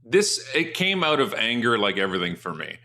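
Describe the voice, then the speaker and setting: Animated, bright-voiced man telling stories. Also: fairly quick. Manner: animated, jumps high in pitch for mocking quotes; loose, joking storyteller. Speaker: guest. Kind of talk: casual storytelling interview.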